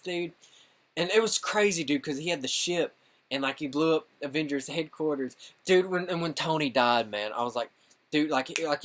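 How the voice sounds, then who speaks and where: Excitable young man, bright voice. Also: on the high side. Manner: rambling, excitable, constant "dude" and "like". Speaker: gaming channel host reviewing a film. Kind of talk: excited casual movie review.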